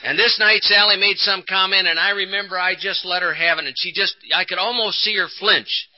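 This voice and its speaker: A man giving a personal recovery testimony at a conference, telling his story with rising emphasis and dramatic pauses. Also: high voice, steady tone. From Texas. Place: conference hall. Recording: dull lo-fi 1980s tape.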